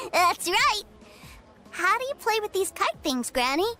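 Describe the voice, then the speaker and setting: A chirpy, spoiled little boy, very high and bouncing all over the place as he asks question after eager question. Game music plays clearly behind him. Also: very animated, slow pace, pushed and bright, exaggerated voice. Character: cheerful spoiled little boy, wide-eyed and chatty. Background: faint game music.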